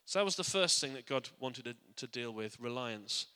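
Bright-voiced preacher in an echoing church. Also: male voice, mid-range voice, lively intonation, normal speed, smooth. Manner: earnest, with frequent restarts and repeated words; drops quiet and soft for reflective points. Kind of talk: sermon. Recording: long church hall reverb.

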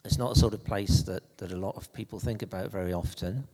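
A man preaching an anecdotal sermon in a conversational, halting way, with frequent restarts. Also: sits low, a little mellow, big-room sound.

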